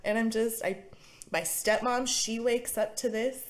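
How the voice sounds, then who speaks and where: A young woman co-hosting a podcast, telling a story in an animated way, laughing and acting out the voices of the people in it. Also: a little high, a little slow. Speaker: podcast co-host. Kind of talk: casual storytelling chat.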